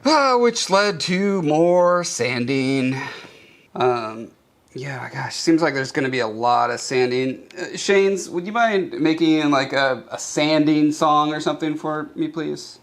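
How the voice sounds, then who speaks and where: A man's voice: fairly high pitch, measured pace, creaky. A man playfully narrating a crafting video and reading a short story aloud, joking as he goes. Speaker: maker YouTuber.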